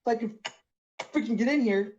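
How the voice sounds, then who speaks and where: A woman's voice: a little high, a little mellow, muffled recording. A woman playing in a tabletop game, chatty and playful. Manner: chatty, playful, quick to laugh. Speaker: player.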